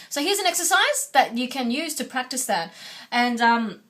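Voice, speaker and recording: A woman's voice: fairly high pitch, a bit bright. A woman vocal coach teaching a singing lesson, patient and instructive, often checking in with "okay?".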